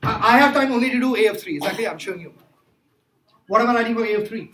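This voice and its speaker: A man's voice: extremely high pitch, fast talker, fairly bright tone. A man teaching a calculus class, emphatic and repetitive, quizzing his students as he works through problems. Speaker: math teacher. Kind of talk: classroom lecture. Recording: echoey classroom with faint noise.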